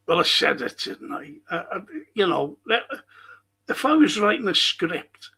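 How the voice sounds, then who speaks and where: Male fan stream host, husky and slow, sweary rambling rants. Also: high-pitched, sing-song, bright, forceful tone. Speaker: football fan show host. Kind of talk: ranting live-stream monologue.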